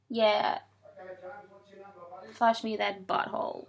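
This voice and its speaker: A woman's voice: on the high side, steady tone, measured pace, sharp tone, a little hiss or hum. A young woman telling a rambling story in a casual vlog, chatty and swearing often, breaking off to talk to her cat. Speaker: vlogger.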